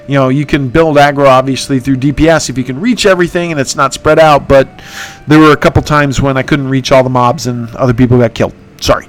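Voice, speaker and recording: A man hosting a casual gaming podcast, rambling and poking fun at himself, with lots of "uh"s. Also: medium pitch. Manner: rambling, self-mocking, many fillers. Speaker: podcast host.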